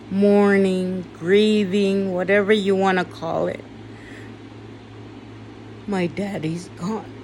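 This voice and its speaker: Woman, somewhat low voice, raw confessional talk with blunt swearing. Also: a little mellow, a little hiss or hum. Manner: slow, weary and emotional, turning bitter with swearing. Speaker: vlogger. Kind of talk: personal confessional monologue.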